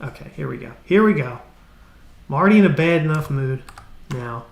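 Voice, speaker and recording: A man's voice: a little high, lively intonation, a little fast, vocal fry, echoey room, slight background noise. A man live-streaming his coding, ranting in a casual, exasperated way, swearing and restarting his sentences.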